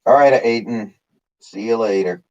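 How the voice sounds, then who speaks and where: A man's voice: mid-range voice, measured pace, a little mellow, muffled recording. A man casually chatting on his live stream, answering chat by name with lots of fillers. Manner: rambling, reads chat names, many fillers.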